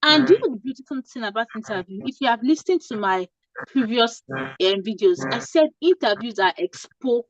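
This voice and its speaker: Nigerian-raised woman, high voice, preachy interview tips, keeps saying okay, dry muffled audio. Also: animated, normal speed, dry recording. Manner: emphatic, repeats points, asks "okay?". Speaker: career coach for nurses. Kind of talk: informal advice talk.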